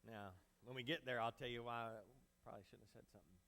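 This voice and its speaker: A man's voice: medium pitch, fairly even intonation, fast talker, pushed and bright. A male pastor preaching a conversational sermon with a handheld mic, casual and joking with the congregation. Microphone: handheld microphone.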